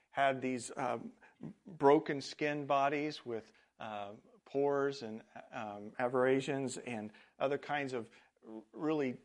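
A man preaching a sermon as a pastor, speaking earnestly. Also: mid-range voice. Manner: earnest, with frequent fillers and restarts.

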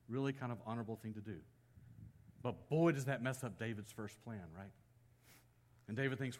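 Animated storytelling male preacher. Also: fairly quick. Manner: storytelling, acting out quoted lines with swings of pitch and loudness. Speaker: pastor. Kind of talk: sermon.

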